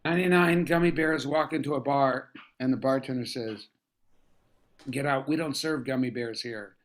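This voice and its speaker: A man's voice: medium pitch, moderate pace. Laid-back man telling improvised jokes. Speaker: improv performer. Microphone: video call.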